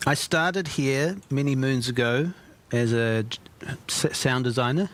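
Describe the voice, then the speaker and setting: A man's voice: medium pitch, measured pace. A man answering interview questions, self-conscious and hesitant. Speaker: audio team lead.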